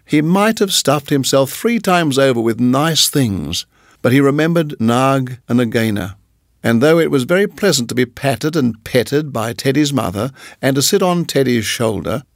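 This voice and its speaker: A man narrating a storybook in a measured, even reading voice. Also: medium pitch, dry recording, studio quality.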